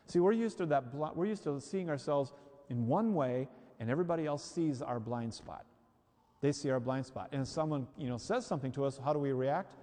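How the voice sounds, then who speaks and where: A man's voice: mid-range voice, moderate pace, dark tone. A man preaching a sermon who acts out the reactions he quotes. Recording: hall reverb.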